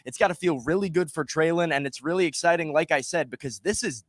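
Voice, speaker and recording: A man co-hosting a sports talk show, breaking down football plays in a measured, casual way. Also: on the high side, dry recording, clean studio sound. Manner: measured, analytical, uses "I mean" and "you know". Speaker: sports podcast co-host.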